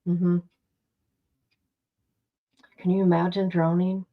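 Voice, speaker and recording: A woman's voice: lowish voice, monotone, unhurried, pauses often, narrow, tinny audio. A woman streaming casual commentary to her viewers, blunt and chatty, speaking straight to her audience. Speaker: streamer reacting to news.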